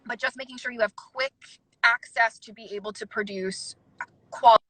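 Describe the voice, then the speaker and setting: Woman, bright voice, candid and emphatic, casual video-call chat. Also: fairly high pitch, steady tone, no room sound, rough recording. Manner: candid, emphatic, fast-talking with asides. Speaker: casting director guest. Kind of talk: casual advice chat on a livestream.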